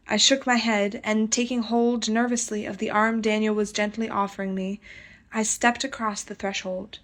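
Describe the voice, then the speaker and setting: Expressive woman reading an audiobook. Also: medium pitch. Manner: measured, expressive first-person storytelling. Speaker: audiobook narrator.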